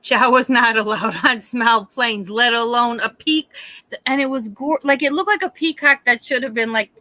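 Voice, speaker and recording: Bright-voiced woman telling a story. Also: on the high side, moderate pace. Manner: animated storytelling with frequent swearing. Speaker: live stream host. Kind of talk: casual chat.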